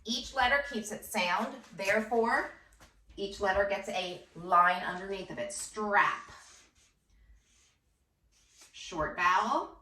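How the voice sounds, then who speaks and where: A woman's voice: medium pitch, slow, long pauses, sharp tone, distant mic. A first grade teacher, a woman, giving a patient phonics lesson and sounding out words syllable by syllable. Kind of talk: slow phonics lesson for children. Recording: echoey room, voice off-mic.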